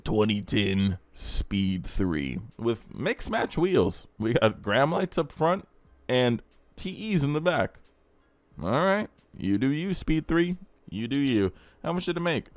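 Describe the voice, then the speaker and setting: A man's voice: on the high side, big pitch swings, measured pace, no room sound, soft background music. A young man hosting a car channel, giving blunt, crude, rambling casual commentary.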